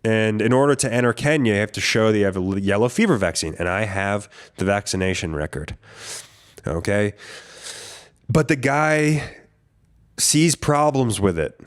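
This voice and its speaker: A man's voice: fairly low pitch, lively intonation, normal speed. A man hosting a podcast, telling a travel story in a casual, rambling, profane way. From United States. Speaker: podcast host.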